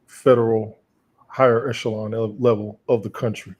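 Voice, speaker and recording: A man co-hosting a casual talk show, arguing politics in a measured, deliberate way and standing firm when he disagrees. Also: mid-range voice, little pitch movement, a little mellow.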